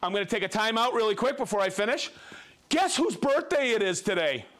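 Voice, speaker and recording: A man hosting a livestream, reading out viewer shout-outs in a playful, jokey way and laughing easily. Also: sits high, lively intonation, a little fast, a little hiss or hum. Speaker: host.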